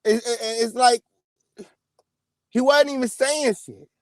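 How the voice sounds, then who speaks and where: A man hosting a celebrity gossip channel, giving an emphatic, profanity-heavy rant with sudden loud outbursts. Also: very high voice, fairly even intonation, takes it slowly, no room sound, clean studio sound. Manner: profane, emphatic, repeats "okay?" and "period". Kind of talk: ranting celebrity gossip commentary.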